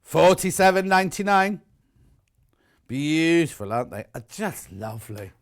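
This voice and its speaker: British man, chatty craft shopping host, fairly high voice, teasing and playful. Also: big pitch swings, moderate pace. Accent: British English. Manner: chatty, teasing, reads viewer messages aloud. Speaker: shopping channel presenter. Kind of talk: live craft shopping chat. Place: TV studio.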